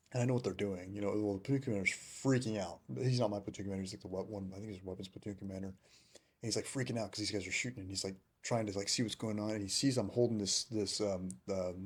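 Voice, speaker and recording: A man with a somewhat low, husky voice tells war stories at a quick clip. He talks casually and gets animated, acting out the people he quotes. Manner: animated, laughing, acts out quotes. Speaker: Marine veteran telling war stories. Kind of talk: casual storytelling chat.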